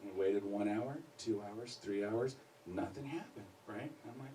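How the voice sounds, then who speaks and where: A man doing a stand-up set in a comedy club, telling a story and acting out quotes loudly. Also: on the low side, measured pace, slight background noise. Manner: animated storyteller, acts out panicked quotes loudly. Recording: live club recording, slightly distant.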